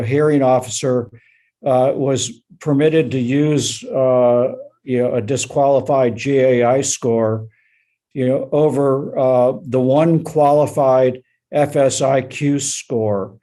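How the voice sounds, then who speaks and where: Halting, mellow-voiced male judge. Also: mid-range voice. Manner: probing, halting questions with many fillers. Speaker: appellate judge. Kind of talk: courtroom oral argument questioning.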